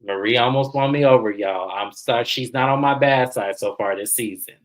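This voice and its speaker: A man's voice: medium pitch, moderate pace, rough recording. Guy doing a chatty tv recap, dramatic, lots of y'all. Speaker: host. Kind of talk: casual TV recap commentary.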